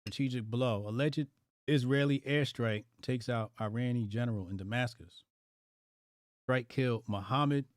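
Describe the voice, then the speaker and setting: A man's voice: medium pitch, moderate pace, dry recording, clean studio sound. A man hosting a casual live stream, reacting aloud to headlines in loose slang. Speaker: livestream host.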